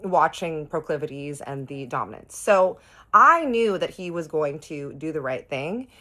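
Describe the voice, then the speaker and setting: A woman with a low, deep-set voice recounts a personal story for her viewers. She talks chattily and keeps turning to her audience directly. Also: animated, a little slow, pushed and bright. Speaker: storytime host. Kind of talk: storytime vlog.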